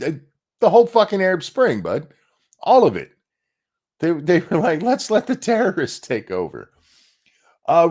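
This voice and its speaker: Male American stream host, casual sarcastic commentary, low voice that swings widely in pitch. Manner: sarcastic, profane, reads chat donations aloud. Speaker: podcast host.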